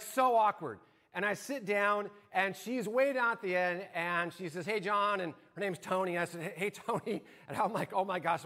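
A man's voice: sits high, a bit bright. A man pastor giving a conversational sermon to his congregation, telling a personal story and asking them questions. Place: church sanctuary.

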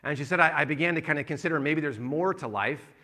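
Male pastor, bright forceful tone, slightly high, sermon storyteller. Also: quick pace. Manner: storytelling, recounting a conversation, then rousing.

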